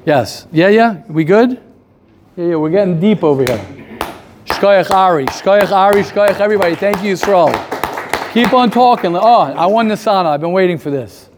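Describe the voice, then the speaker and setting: A man teaching a casual class, animated, firing rhetorical questions and repeating his points. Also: high voice, normal speed, noisy background. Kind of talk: casual lively classroom talk.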